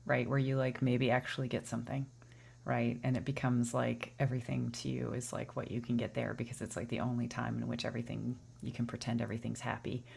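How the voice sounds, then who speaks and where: A woman co-host with an extremely deep voice and heavy vocal fry. Her tone is husky and flat. She chimes in casually and rambles loosely. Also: brisk. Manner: brief agreeing interjections, loose rambling. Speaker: podcast co-host. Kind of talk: casual podcast chat.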